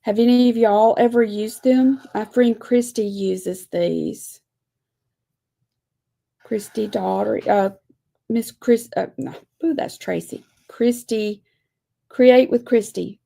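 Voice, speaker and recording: Woman host for a live lettering lesson; gravelly, slow, friendly chatter to viewers. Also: on the high side, dark tone. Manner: chatty, folksy, says y'all. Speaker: lettering teacher. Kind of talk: live-streamed craft lesson.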